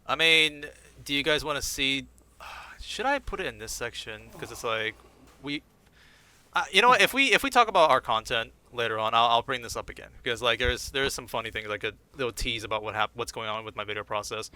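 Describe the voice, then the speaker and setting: A man's voice: mid-range voice, lively intonation, fairly quick, bright, forceful tone, smooth, no echo. A man hosting a casual podcast chat, laughing often and restarting his sentences. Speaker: podcast host.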